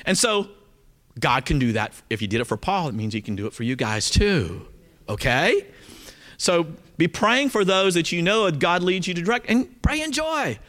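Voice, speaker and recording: Man, Southern accent, pastor, high voice, sermon, animated delivery. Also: normal speed. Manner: animated, talks straight to the congregation with frequent "okay?".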